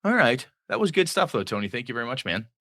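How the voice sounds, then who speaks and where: A man's voice: medium pitch, very animated, fast, a bit bright, no room sound, studio quality. A man co-hosting a gaming podcast in casual, joking chat. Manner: joking, laughs often. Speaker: podcast co-host.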